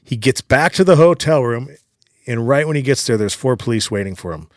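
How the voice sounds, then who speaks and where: A man's voice: medium pitch, animated, a little fast, no echo, clean studio sound. A man guest on a podcast, telling a long story in a casual, profane way with lots of "like" fillers. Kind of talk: animated storytelling in casual conversation.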